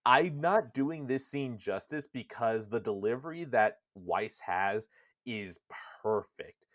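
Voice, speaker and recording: A man's voice: medium pitch, expressive, slow pace, dry recording, studio quality. A man co-hosting a podcast, animatedly retelling a video game's story, swearing casually and slipping into character voices. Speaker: podcast co-host. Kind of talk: casual retelling of a game plot.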